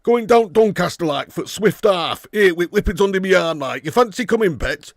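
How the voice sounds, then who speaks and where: A man putting on a broad Yorkshire accent as a loud, gleeful northern football pundit. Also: high voice, expressive, normal speed, dry recording, clean studio sound, voice pushed up. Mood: jolly. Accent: Yorkshire (put on). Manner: exaggerated broad northern drawl, shouty. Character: gruff northern English male football pundit, boozy pub type.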